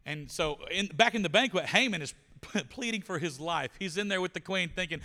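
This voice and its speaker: Man, pastor, lively story sermon, high bright voice, church-hall reverb. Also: normal speed. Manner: animated storytelling, acting out characters.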